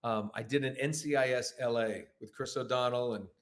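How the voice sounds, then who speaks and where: A man guest on a casual live show, telling animated stories with quick asides and quoted voices. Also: mid-range voice. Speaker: guest voice actor. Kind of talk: casual podcast chat.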